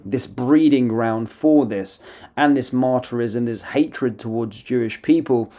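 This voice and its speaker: A man's voice: medium pitch, measured pace, warm tone. A man giving opinion commentary to his viewers, insistent and repetitive in his phrasing. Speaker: political commentator.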